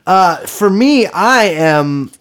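A man's voice: high-pitched, animated, drawn-out words, a bit bright, smooth. A man co-hosting a comedy podcast, rambling through mock-earnest jokes and banter. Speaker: podcast co-host.

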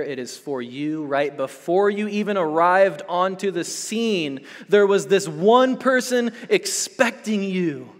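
A young adult male pastor preaching a sermon, swinging between loud urgent build-ups and hushed soft passages, checking in with "okay?" and "right?". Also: a little high, big-room sound. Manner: conversational, with frequent "okay?" and "right?" check-ins.

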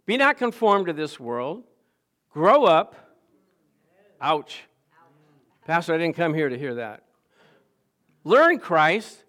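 A male pastor with a fairly high voice delivers a lively sermon. He tells stories, laughs along the way, and swells into loud exclamations on the key lines. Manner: animated storytelling with laughs, rising to loud exclamations.

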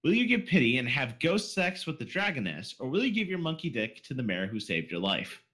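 A man's voice: mid-range voice, very animated, fairly quick, a bit bright. A man hosting a casual podcast, reading out listener questions and swearing freely. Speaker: podcast host.

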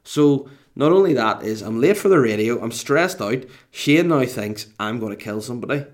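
A man hosting a podcast, telling a comic story about his own bad day in an animated, exasperated, self-mocking way. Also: mid-range voice, moderate pace. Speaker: podcast host and radio presenter.

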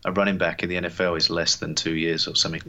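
Man, very low pitch, teasing casual podcast chat, muffled lo-fi sound. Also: flat delivery, very fast, sharp tone. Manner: chatty, teasing, laughs easily. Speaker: podcast co-host.

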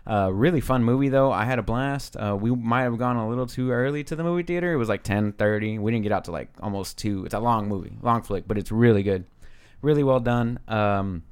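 A man's voice: medium pitch, a little fast, smooth. A man co-hosting a casual podcast chat, rambling and laid-back with lots of filler words and swearing. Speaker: podcast co-host.

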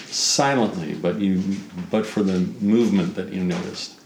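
A man narrating a tabletop game as game master, describing scenes slowly. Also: deep voice, slight background noise. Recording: roomy echo.

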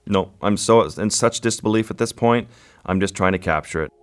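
A man, a photographer guest, recounting an encounter in a measured, vivid interview style. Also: on the low side, clean tone. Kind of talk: interview storytelling.

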